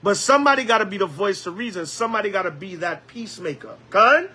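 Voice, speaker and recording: A man preaching a Bible lesson as an elder, lively, with call-and-response and acted-out quotes. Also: sits high, quick pace, breathy edge.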